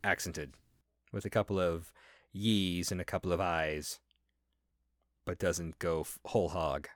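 A man's voice: deep voice, steady tone, measured pace, no echo, clean studio sound. A man in his thirties in casual conversation, voicing emphatic, opinionated critiques. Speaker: podcast co-host. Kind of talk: casual chat.

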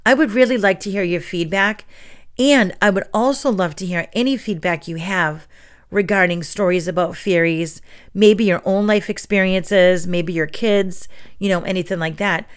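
A middle-aged woman hosts a story show, winding down a bedtime tale before chatting to her listeners. She talks in a gushing, animated way at a medium pitch, like a teacher thrilled to share a moment. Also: normal speed, smooth. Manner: gushing, animated storyteller who acts out quotes. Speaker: preschool teacher and story podcast host.

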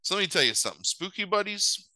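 A man's voice: high voice, quick pace, no echo, low-quality recording. A man co-hosting a podcast, telling a movie plot in a casual, sarcastic and profane way. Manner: animated, profane, sarcastic storytelling. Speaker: podcast co-host. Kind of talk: casual chat recapping a movie.

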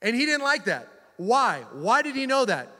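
A male pastor with an extremely high voice preaches from a church stage at a moderate pace, and the sound is big-room. He tells Bible stories with animation, then drops to a soft, earnest tone to urge the congregation.

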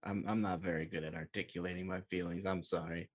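A man's voice: low voice, steady tone. A man voicing an awkward, guarded but kind young man in a tabletop role-play, speaking hesitantly. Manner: hesitant, halting, self-conscious.

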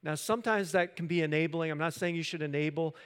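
A middle-aged male pastor giving a conversational sermon, telling stories with frequent restarts and dropping to a hush at the dramatic moments. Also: on the high side, fast, clear, resonant tone.

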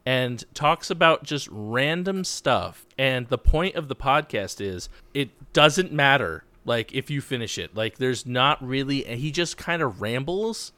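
A man's voice: medium pitch, animated, unhurried, few pauses, a bit bright, no echo. A man in his thirties, a podcast co-host chatting casually, rambling and self-deprecating with frequent laughs. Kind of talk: casual chat.

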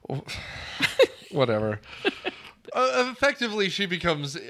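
A man's voice: high-pitched, huge pitch swings, unhurried, a bit bright. A man co-hosting a podcast, casually joking and swearing about a movie, with frequent restarts. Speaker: podcast co-host. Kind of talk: casual movie-riffing chat.

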